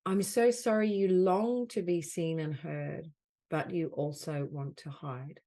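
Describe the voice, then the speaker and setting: A woman with a low, warm voice leads a guided healing session over a video call. She speaks in slow, soothing phrases and repeats each one gently. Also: fairly even intonation. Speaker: soul mentor leading a group call.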